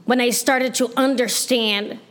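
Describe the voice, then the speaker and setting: A woman from Brazil with a Brazilian accent, performing a stand-up set with slow, deadpan punchlines in front of a laughing audience. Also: on the high side. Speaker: stand-up comedian. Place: live comedy stage with audience laughing. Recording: live room with crowd laughter.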